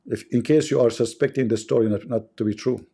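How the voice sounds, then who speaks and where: Man, mocking and mellow. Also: medium pitch, steady tone, a little fast, gravelly, breathy edge. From Arab world. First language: Arabic. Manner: sarcastic, repetitive, chuckling asides. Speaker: livestream host. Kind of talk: mocking livestream commentary.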